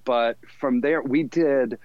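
A man's voice: mid-range voice, slow pace, dry recording. Southern guy in his 50s rambling thru old stories, laughs at himself a lot, kinda dull lo-fi sound. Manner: rambling, self-deprecating, laughs often. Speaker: podcast guest, fashion designer. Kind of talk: casual storytelling interview.

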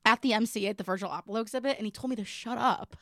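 A woman guest on a chat podcast, telling a story in a giggly, excitable way and acting out the quotes. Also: on the high side, racing, no room sound, studio quality.

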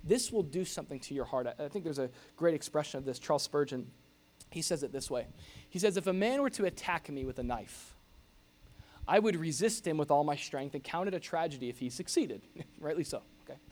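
A middle-aged pastor preaching a sermon in an animated, jokey way, acting out grumbling noises. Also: male voice, on the high side, fairly quick.

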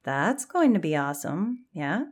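Brief: woman reading as a mellow, joking teen camper girl, storybook. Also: lowish voice, sing-song, unhurried, husky, heavily acted. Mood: easygoing. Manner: laid-back, tired.

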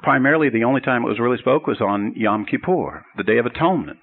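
A man's voice: mid-range voice, animated, quick pace, phone-quality sound. A man teaching a sermon as a Bible teacher, earnest and explanatory. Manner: earnest, explanatory, builds up to a told joke.

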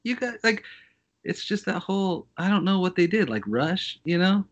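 Lively, sarcastic higher-voiced man. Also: moderate pace, dull audio. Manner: sarcastic, emphatic. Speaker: school teacher and musician, podcast guest. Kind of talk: casual podcast chat.

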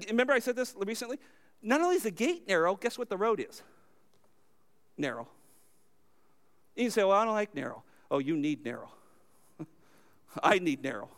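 A man preaching a sermon as pastor, emphatic, asking his listeners questions and answering them himself, his voice swinging from loud, high lines to low, quiet ones.

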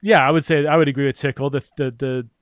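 A man's voice: mid-range voice, fairly even intonation, fast talker, dry recording. A man hosting an interview, speaking thoughtfully with frequent restarts and fillers. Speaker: podcast host, interviewer. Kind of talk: conversational interview.

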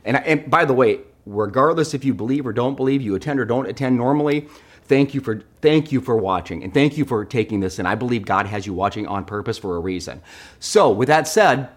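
A middle-aged male pastor giving a livestreamed sermon as an animated, joking storyteller. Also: mid-range voice, fairly quick.

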